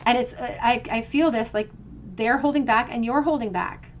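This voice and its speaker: A woman's voice: a little high, moderate pace, dull audio, slight background noise. A woman giving a pick-a-card tarot reading, talking in a flowing, reflective way and often restarting her phrases. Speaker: tarot reader.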